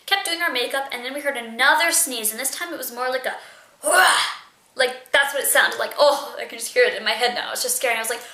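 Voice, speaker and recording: A woman's voice: on the high side, quick pace, few pauses, bright, forceful tone. A young woman telling a story in a casual, chatty vlog, with lots of fillers. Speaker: vlogger. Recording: echoey room.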